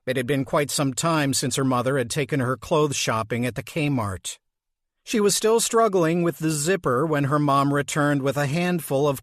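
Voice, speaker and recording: A male audiobook narrator reads in an unhurried, measured way. His voice sits slightly high for a man. The recording is dry, with no room sound. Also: no room sound. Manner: slow, measured reading. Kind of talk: scripted narration.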